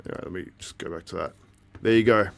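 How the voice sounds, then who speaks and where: Lowish-voiced man, casual livestream host, talks to the chat, laughs easily. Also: quick pace, vocal fry, fairly bright tone. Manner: chatty, reacting to the live feed and chat, laughs often. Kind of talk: casual live commentary.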